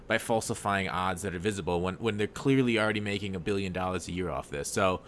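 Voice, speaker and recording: Low-voiced man reasoning it through. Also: quick pace, a bit bright, slight background noise. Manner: reasoning, stammers and restarts often. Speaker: podcast co-host. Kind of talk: casual debate.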